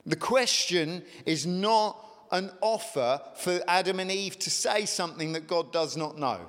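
Emphatic preacher man, higher voice, long hall reverb. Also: a bit bright. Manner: emphatic preaching with sudden rises in pitch. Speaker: pastor. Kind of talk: sermon.

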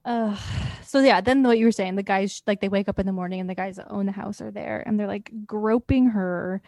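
A woman reviews a movie in an easygoing chat over a video call, laughing a lot and playfully acting out lines from the film. Her voice sits at an ordinary middle pitch. The sound is dry and close, with no room around it. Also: steady tone, brisk, mellow, dry recording. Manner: laughs often, acts out characters' lines.

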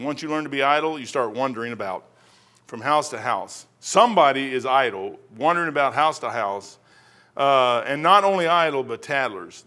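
A man's voice: medium pitch, fairly bright tone. A middle-aged man preaching a casual sermon, folksy and rambling, drifting off into stories before coming back to scripture. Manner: folksy, rambling, wanders off topic into anecdotes.

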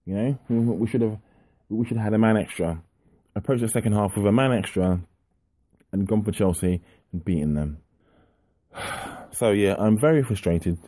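A man's voice: on the low side, normal speed, long pauses, warm tone, dry recording. A man co-hosting a football podcast, venting in an exasperated, repetitive rant. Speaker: podcast co-host.

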